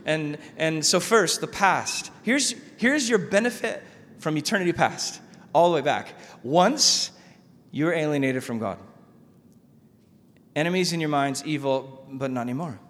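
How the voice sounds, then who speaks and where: A male pastor preaching a sermon in a conversational, animated way, often repeating words. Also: a little high, measured pace. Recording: long hall reverb.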